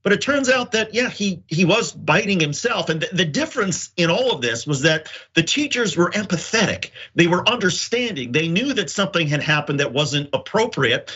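Bright, husky-voiced male co-host. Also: high voice, very animated, normal speed, few pauses, lo-fi sound. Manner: earnest and reflective. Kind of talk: news commentary.

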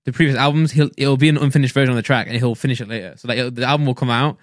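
A man's voice: mid-range voice, fairly even intonation, dry recording, studio quality. A man co-hosting a podcast in casual chat, rambling with lots of fillers and restarts. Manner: fast rambling talk with many likes and restarts. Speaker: podcast co-host.

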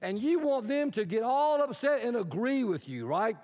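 High-voiced pastor in an echoing sanctuary. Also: male voice, lively intonation, normal speed, few pauses, darkish tone. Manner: conversational, dramatic storytelling with rhetorical questions. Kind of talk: sermon. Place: church sanctuary. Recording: reverberant hall, dull lo-fi sound.

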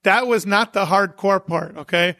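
High, bright-voiced man telling stories. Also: normal speed, dry recording, studio quality. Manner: animated anecdote-teller who acts out quotes. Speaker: podcast guest, event promoter. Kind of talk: casual interview storytelling.

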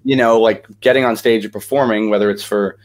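A man's voice: lowish voice, fairly even intonation, a little fast. A young man, a guest actor, telling stories in a casual interview with lots of energy and many fillers.

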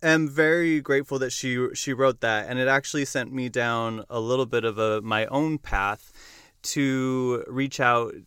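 A man's voice: medium pitch, steady tone, measured pace, a bit bright, smooth, no room sound, studio quality. A man hosting a musical theater podcast, chatting casually and enthusiastically. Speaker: podcast host. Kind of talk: casual chat.

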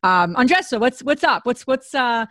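A woman's voice: on the high side, expressive, normal speed, fairly bright tone, dry recording, clean studio sound. A woman co-hosting a podcast, upbeat and chatty, welcoming listeners and a guest. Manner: upbeat, chatty, many fillers. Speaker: podcast co-host. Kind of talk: casual chat and scripted intro.

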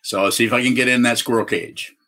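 A man teaching as a Zen teacher on a video call, answering questions in a halting way with many fillers and restarts. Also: mid-range voice, steady tone, bright, forceful tone.

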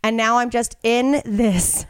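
A young woman in casual podcast chat, telling an animated story and acting out the lines of the people in it. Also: a little high, slow, clean tone, no room sound, clean studio sound. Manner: animated, swearing, acts out quotes.

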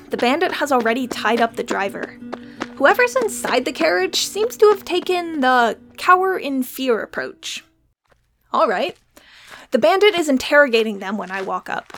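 A woman's voice: sits high, fairly bright tone. A woman narrating an adventure story in first person, wry and playful. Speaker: narrator and player character.

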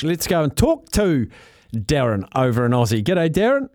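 A man hosting a sports radio show, reading out listener texts and chatting with callers with quick asides. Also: on the high side, big pitch swings, a little mellow, dry recording, studio quality. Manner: chatty, reads messages aloud with quick asides and laughs.

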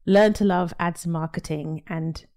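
Low-voiced woman chatting as a guest. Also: steady tone, moderate pace, darkish tone. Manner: candid, with frequent fillers and laughs. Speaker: podcast guest. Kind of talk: casual interview chat.

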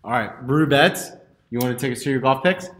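A man's voice: mid-range voice, a little fast, a bit bright, roomy sound. A man hosting a podcast in casual banter, upbeat and teasing his co-hosts. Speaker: podcast host.

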